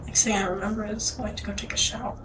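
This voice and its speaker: A tired young woman answering questions in a police interview, soft and hesitant, often trailing into near-whispers. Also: mid-range voice, flat delivery, quick pace. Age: young adult. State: exhausted. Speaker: suspect being questioned. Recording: distant, noisy interview-room recording.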